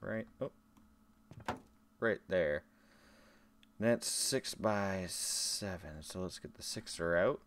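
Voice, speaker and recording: A man's voice: low voice, slow pace, long pauses, fairly bright tone. A man streaming a game, chatting casually with his viewers between tasks. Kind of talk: casual live-stream chat while gaming.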